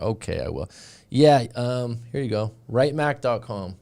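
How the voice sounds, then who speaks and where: A man's voice: fairly low pitch, unhurried, a little mellow. A man hosting a casual live stream as a dating coach, speaking, rambling with frequent restarts and asides as he reads viewer comments.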